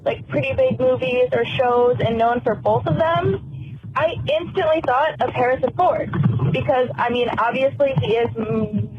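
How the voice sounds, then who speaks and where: A woman from Michigan leaves a chatty, rambling voicemail for a podcast. The phone line is muffled, with a faint hiss underneath her voice. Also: on the high side. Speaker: caller leaving a voicemail.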